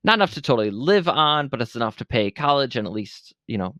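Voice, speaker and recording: A man's voice: medium pitch, fast, no room sound. Buffalo guy in his 40s, podcast guest, blunt and sweary, dry close sound. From Buffalo, New York. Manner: blunt and profane, animated retelling. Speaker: podcast guest, veteran entrepreneur. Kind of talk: candid interview storytelling.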